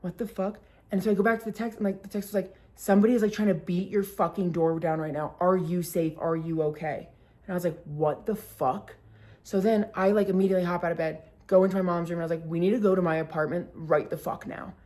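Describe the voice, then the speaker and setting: A woman's voice: fairly low pitch, fast. Woman telling a storytime vlog, swearing. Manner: animated, swearing, heavy use of "like".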